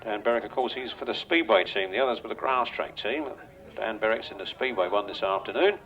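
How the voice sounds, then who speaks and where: An older English man announcing riders and calling a grasstrack race over a loudspeaker at an outdoor track, chatty and joking with the riders. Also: on the low side, fairly quick. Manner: chatty, jokey, banters with riders. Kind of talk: live grasstrack commentary over a PA. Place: outdoor racetrack. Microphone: public address microphone. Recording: dull lo-fi outdoor recording.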